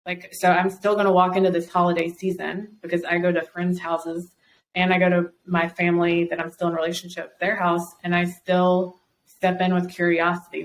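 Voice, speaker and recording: Flat-voiced encouraging woman guest. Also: on the low side, a little hiss or hum, rough recording. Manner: encouraging, explanatory, many fillers. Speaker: podcast guest, coach. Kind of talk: casual podcast conversation.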